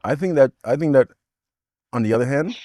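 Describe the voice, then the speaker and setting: A man's voice: medium pitch, animated, fairly quick, dark tone, dry recording, studio quality. A man co-hosting a couples podcast in casual chat, cutting in and repeating himself to get a word in. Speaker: podcast co-host.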